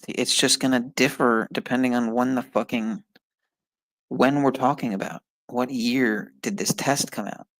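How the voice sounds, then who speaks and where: A man's voice: medium pitch, steady tone, moderate pace, fairly bright tone, no room sound, low-quality recording. A man streaming live, muttering and swearing in frustration as he works through an online test and talks to his viewers. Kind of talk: casual live-stream talk while taking an online test.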